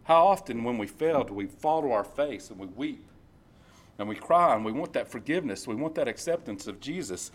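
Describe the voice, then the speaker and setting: A male preacher talks through a sermon in a plain, mid-pitched voice. He slows down to read scripture and loops back on his phrases as he explains. The delivery is informal and earnest. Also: lively intonation. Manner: conversational, repeats phrases, reads scripture slowly. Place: church service.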